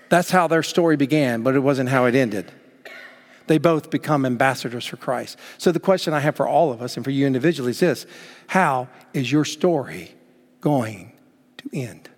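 Male preacher, emphatic sermon, middle-pitched voice, long church reverb. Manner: emphatic preaching, swings from loud to hushed. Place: church sanctuary.

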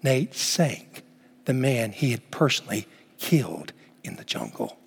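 A man preaching a sermon emphatically, swinging between loud exclamations and hushed words. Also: medium pitch, wildly swooping pitch, measured pace, creaky, husky. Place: church sanctuary. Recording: long reverb of a church hall.

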